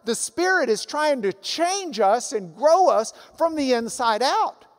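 A man preaching a sermon as pastor, animated, dropping to soft asides. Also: extremely high pitch, unhurried. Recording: long hall reverb.

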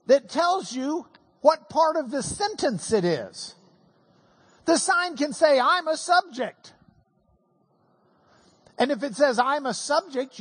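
Slow, lively preacher in a reverberant hall. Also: mid-range voice, breathy edge. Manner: folksy, joking Bible teaching. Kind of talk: sermon.

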